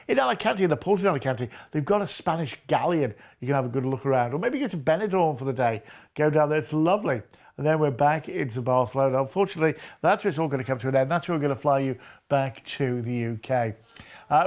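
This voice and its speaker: A man's voice: fairly high pitch, darkish tone. A man presenting cruise deals on a TV shopping channel, chatty and enthusiastic with folksy asides. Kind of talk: TV shopping sales pitch.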